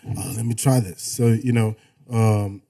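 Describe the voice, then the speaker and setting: A man's voice: on the low side, fairly even intonation, unhurried, gravelly, dark tone. A man who works as a radio DJ and voice-over artist, chatting as a podcast guest in a laid-back way with frequent laughs. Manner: laid-back, laughs often, speaks in restarts. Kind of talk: casual podcast chat.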